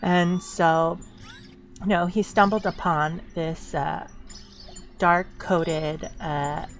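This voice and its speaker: Low creaky woman narrating casually. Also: steady tone, drawn-out words, dull audio. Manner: rambling, full of fillers and restarts. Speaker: channel host. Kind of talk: casual narration over game footage. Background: wind chimes.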